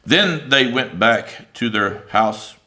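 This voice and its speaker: Bright-voiced male preacher, animated. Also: medium pitch, slow pace. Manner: conversational, animated preaching with many fillers; reads scripture aloud and paraphrases it. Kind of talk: sermon.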